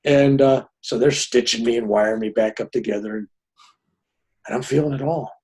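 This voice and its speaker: An older man, a podcast guest, telling a personal story in an animated way and often checking in with "right?". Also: medium pitch, normal speed, husky.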